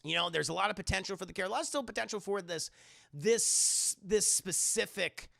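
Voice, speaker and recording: A man's voice: high voice, a little fast, creaky, sharp tone, dry recording, clean studio sound. A man hosting a livestream, answering viewer questions in casual, rambling chat, swearing and laughing often. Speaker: livestream host.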